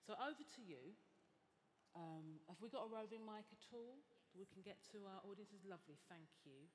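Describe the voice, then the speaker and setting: Female panel moderator, measured and earnest, live event, faint background noise. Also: mid-range voice, animated. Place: stage at a public event with an audience.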